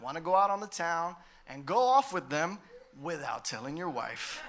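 A male pastor preaching a sermon in an emphatic way, with sudden swells in loudness. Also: on the high side, animated, moderate pace.

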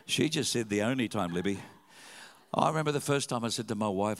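A male pastor preaching a sermon, telling stories with sudden loud, animated rises. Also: fairly low pitch, fairly quick. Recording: long hall reverb.

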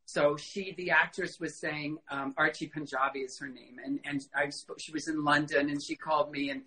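A middle-aged man, a guest in a casual interview, telling animated stories and acting out quoted dialogue, with frequent fillers. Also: on the high side, moderate pace, low-quality recording. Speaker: costume designer guest.

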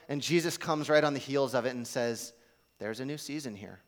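A man's voice: mid-range voice, fairly quick. A man preaching a sermon in a casual, conversational way, acting out the quotes he tells. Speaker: pastor.

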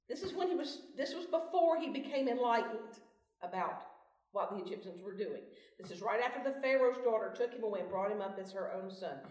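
A woman's voice: mid-range voice, darkish tone. Folksy woman teaching a Bible study. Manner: folksy, asks the group questions. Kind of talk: devotional teaching. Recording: roomy, from far off mic.

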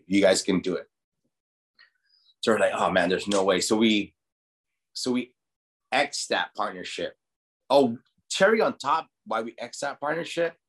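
A man from Guam with a slightly low voice tells stories in a laid-back interview. His speech is loose and profane, and he fills it with "like" and "you know." He sounds like a restaurant owner talking shop. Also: a bit bright. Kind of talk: casual storytelling interview.

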